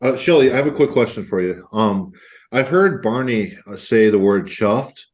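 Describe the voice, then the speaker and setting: Low-voiced joking podcast host. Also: male voice, expressive, darkish tone. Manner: joking, irreverent, quick. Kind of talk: casual podcast discussion.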